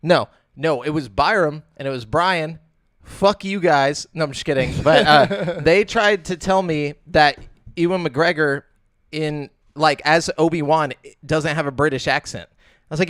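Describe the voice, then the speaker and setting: A man hosting a gaming podcast in casual chat, joking and animated. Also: on the high side, dry recording, studio quality. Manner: animated, joking, quick to laugh. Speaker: podcast host.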